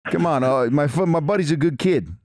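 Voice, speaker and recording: Guy doing brash wiseguy caller, pushy and boastful, bouncy pitch. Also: sing-song, creaky, crowd noise. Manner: pushy, swaggering, fast-talking. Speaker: prank caller.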